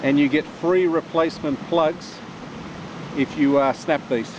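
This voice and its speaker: A man's voice: fairly high pitch, steady tone, measured pace. A man narrating his bushwalk for a casual outdoor vlog, chatting as he goes, recorded on a handheld action camera outdoors. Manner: chatty, self-narrating on the move. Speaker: bushwalking vlogger. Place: outdoors in bush gorge by a waterfall. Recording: muffled camera audio with outdoor noise.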